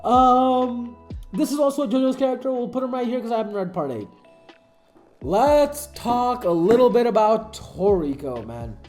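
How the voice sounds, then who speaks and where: A woman giving casual anime commentary, excitable and emotional, swearing freely. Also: a little high, normal speed. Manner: excitable, profane, emotional fan talk. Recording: echoey room, faint music.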